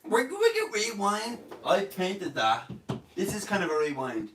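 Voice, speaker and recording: A man's voice: high-pitched, huge pitch swings, unhurried, a bit bright, a little hiss or hum. A young man with an Irish accent, sick in bed and hosting a casual live Q&A, joking and boasting as he reads out viewer comments. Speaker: online comedian hosting a live Q&A. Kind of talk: casual live-stream chat. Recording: roomy sound, distant from mic.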